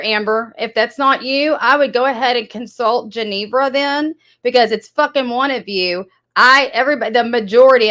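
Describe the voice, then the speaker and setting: A woman's voice: fairly high pitch, a bit bright. A woman hosting a livestream, talking bluntly and accusingly to her chat with plenty of swearing. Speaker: livestream host. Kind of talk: heated livestream talk to chat.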